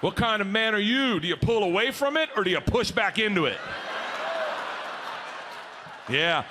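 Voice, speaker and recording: A middle-aged man performing a stand-up comedy set on stage, telling rowdy stories loudly with big swings. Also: sits high, lively intonation, brisk, noisy background. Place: comedy stage before a live audience.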